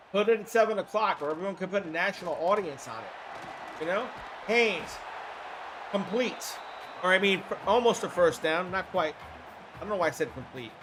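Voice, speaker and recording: A hoarse man with a fairly high voice calls the action of a game on his livestream, chatty and excitable, now and then swearing. He talks over faint background music. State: hoarse throat. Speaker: livestream host. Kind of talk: casual play-by-play game commentary.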